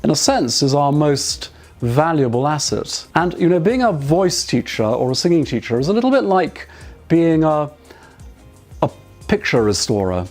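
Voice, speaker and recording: A man teaching voice and speaking skills, giving calm, measured instruction and guiding the listener through exercises. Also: on the high side, faint music behind. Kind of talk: instructional talk to camera.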